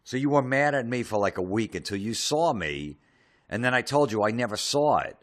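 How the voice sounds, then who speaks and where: A man's voice: medium pitch, expressive, a little fast. A man delivering a profane, sarcastic comedic rant, mocking people in put-on voices. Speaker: comedian ranting.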